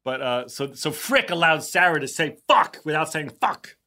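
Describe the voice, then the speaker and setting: A man's voice: a little high, moderate pace, pushed and bright. A man co-hosting a podcast in casual chat, joking and rambling with many fillers. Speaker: podcast co-host.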